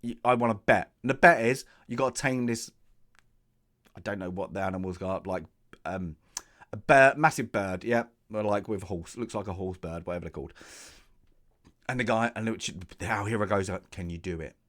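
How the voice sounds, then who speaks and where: A man's voice: lowish voice, normal speed, long pauses. A man casually reviewing a film, sarcastic and jokey, acting out characters' lines as he goes. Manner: animated, acts out characters' lines.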